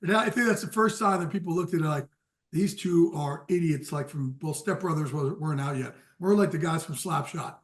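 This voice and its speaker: A man with a high, bright voice tells a story on a sports podcast. He is animated and keeps breaking into laughter. He talks casually, as a guest would. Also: a little fast, hardly any pauses. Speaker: guest football insider. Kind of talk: casual anecdote telling.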